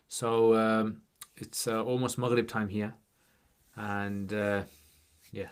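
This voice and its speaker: A man's voice: mid-range voice, a bit bright. A man in his forties with a slight chesty cough, hosting a casual livestream and answering viewer questions in a chatty, joking way. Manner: chatty and joking, scattering in religious Arabic phrases.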